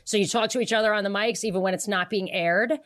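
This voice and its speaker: A woman co-hosting a podcast in casual political chat, animated, laughing often and acting out the people she quotes. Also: mid-range voice, fast. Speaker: podcast co-host.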